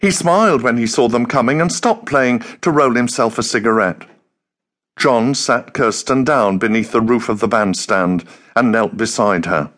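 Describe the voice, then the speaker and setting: A man narrating a novel as an audiobook in a measured, unhurried storytelling manner. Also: medium pitch, fairly bright tone. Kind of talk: scripted narration.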